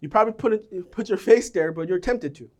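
A middle-aged preacher speaks at a brisk pace, telling self-deprecating stories throughout his sermon. He alternates between loud eruptions and soft, low delivery.

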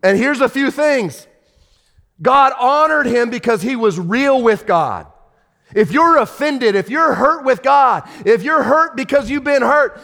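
A man preaching a sermon as pastor, animated, swinging from shouted lines to hushed ones. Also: very high-pitched, a little slow, creaky, long reverb tail.

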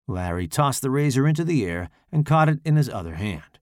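A man narrating a horror short story in an expressive, dramatic storytelling manner. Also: medium pitch, a little fast, few pauses, no echo, studio quality. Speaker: audiobook narrator.

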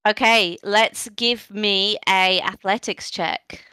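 A woman narrating a tabletop role-playing game as game master, lively and playful. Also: medium pitch, takes it slowly, clear, resonant tone, no echo, rough recording.

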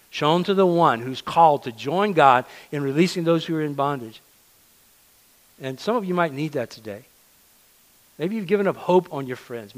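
A man's voice: mid-range voice, poor audio. Earnest man preaching a conversational sermon. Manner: conversational, earnest, repeats words when emphasizing.

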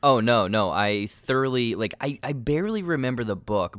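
A man's voice: medium pitch, lively intonation, normal speed, a bit bright, no room sound. A man appearing as a podcast guest, chatting casually in a laid-back, wry way. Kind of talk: casual chat.

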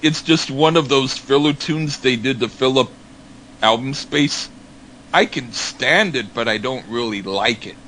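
A man's voice: medium pitch, measured pace, bright, forceful tone, slight background noise, rough recording. Stammering joking man. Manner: joking, hesitant with many ums and stammers. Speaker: podcast co-host reviewing an album. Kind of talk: casual chat.

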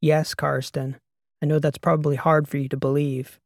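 A man playing a calm, soft-spoken woman captain. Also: fairly high pitch, gravelly, no echo, clean studio sound. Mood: guarded. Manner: soft, measured, quiet delivery. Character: calm female starship captain, guarded and apologetic.

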